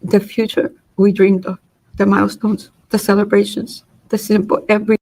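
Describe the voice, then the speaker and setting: A middle-aged mother reads her prepared statement to the court, measured and full of grief. Her voice is husky and breathy. She keeps her delivery flat and even. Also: medium pitch, rough recording. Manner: grieving, measured reading with small slips. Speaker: victim's mother giving impact statement.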